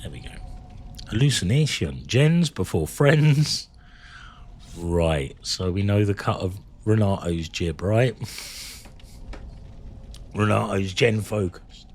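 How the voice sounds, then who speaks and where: A man's voice: low-pitched, lively intonation, takes it slowly, long pauses, a little mellow, slight background noise. A man chatting to his viewers while he streams a game, rambling and joking between rounds. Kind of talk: live gameplay commentary.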